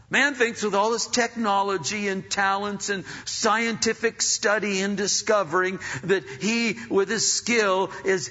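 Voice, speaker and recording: A male pastor preaching a sermon in an emphatic style that rises to loud peaks. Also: high voice, unhurried, few pauses. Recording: lo-fi recording in a reverberant hall.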